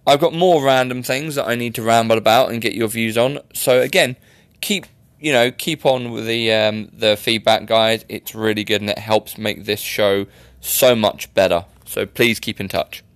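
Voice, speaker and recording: A man's voice: fairly low pitch, normal speed, dry recording. A young man hosting a casual solo podcast, chatty and rambling with self-mocking asides. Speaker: podcast host.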